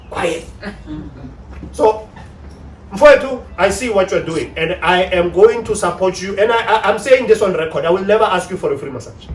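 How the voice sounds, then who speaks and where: A South African man giving an animated motivational talk on relationships to an audience. He acts out the voices of the people he quotes. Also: high voice, normal speed. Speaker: relationship speaker. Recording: echoey room, distant mic, faint hum.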